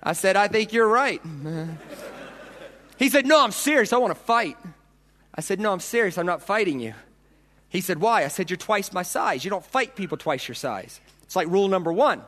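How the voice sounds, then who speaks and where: High, animated preacher in a big hall. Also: male voice, normal speed. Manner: dramatic, acts out voices and punches. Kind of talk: storytelling sermon. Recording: long hall reverb.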